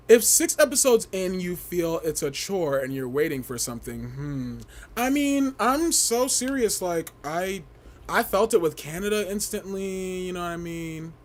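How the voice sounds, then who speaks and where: A young man hosting a casual livestream, gossiping and reading chat in an animated way, often laughing and breaking into shrieks. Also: high voice, a little slow. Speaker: livestream host.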